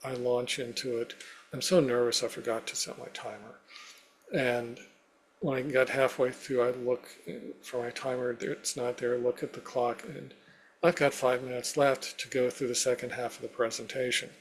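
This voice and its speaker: A man's voice: medium pitch, level tone, moderate pace, slight background noise. A man as an interview guest, telling a personal story step by step with many "you know" fillers.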